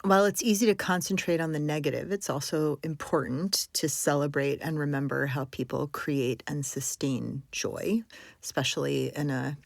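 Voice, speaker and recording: Female host, deep and gravelly, dry mic, measured questions. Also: fairly even intonation, no room sound. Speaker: podcast host, interviewer. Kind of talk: interview questions.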